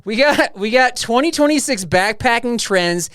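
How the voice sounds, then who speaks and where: A wry man co-hosting a podcast, laughing easily through the banter. His voice moves lively up and down, and it is recorded dry and close. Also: very high-pitched, moderate pace, clean tone, dry recording. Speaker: podcast co-host. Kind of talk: casual banter.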